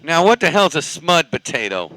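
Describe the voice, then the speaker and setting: A man's voice: on the high side, sing-song, moderate pace, pushed and bright, dry recording, poor audio. A man from California chatting casually on a CB radio, rambling and cussing in a laid-back way. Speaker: CB radio operator.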